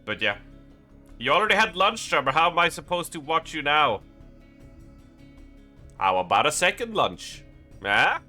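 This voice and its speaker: A man's voice: fairly high pitch, very animated, a little slow, pauses often, pushed and bright, faint music behind. A young man chatting casually on a live stream, rambling with lots of fillers, his voice a little strained and worn.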